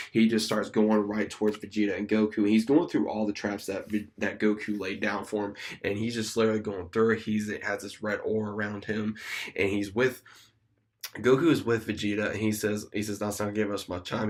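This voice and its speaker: A young man casually retelling an episode in a rambling, excited way as a YouTube reviewer. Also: lowish voice.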